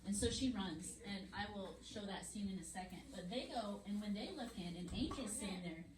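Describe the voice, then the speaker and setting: A woman teaching a Bible story lesson to children in a church classroom, with an animated storytelling manner. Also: medium pitch, normal speed, crowd noise. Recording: echoey room, far mic, noisy.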